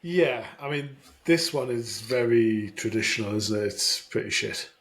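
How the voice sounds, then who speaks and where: Rambling self-deprecating podcast host. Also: male voice, mid-range voice, expressive, unhurried, a bit bright. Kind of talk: casual chat.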